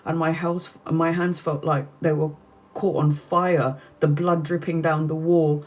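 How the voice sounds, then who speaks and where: A woman's voice: deep voice, flat delivery, measured pace, a little mellow. A woman, a tarot reader earnestly retelling a harrowing story from a book on a live stream, with many restarts.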